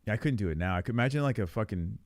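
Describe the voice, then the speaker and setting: A man in his forties with a New York accent, rambling and swearing in casual live stream chat while high, chuckling often. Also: lively intonation, racing, a little mellow, dry recording, studio quality. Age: 40s.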